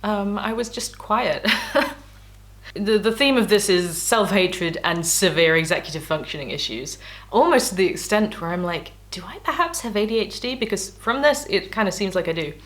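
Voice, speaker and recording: A woman's voice: mid-range voice, moderate pace. A woman vlogging casually as she reads her old diaries aloud, candid and self-mocking, laughing often. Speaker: YouTuber.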